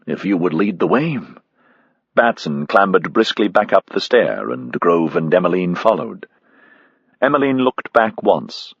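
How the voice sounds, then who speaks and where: Gravelly, lively male audiobook narrator. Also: fairly low pitch, no room sound, highs cut off. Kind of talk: scripted narration.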